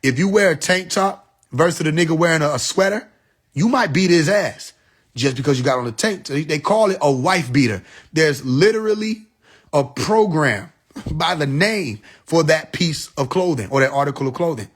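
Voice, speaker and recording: A man's voice: fairly high pitch, expressive, moderate pace, breathy edge. A man hosting a live stream, talking in a preachy, profane monologue and laughing at his own jokes.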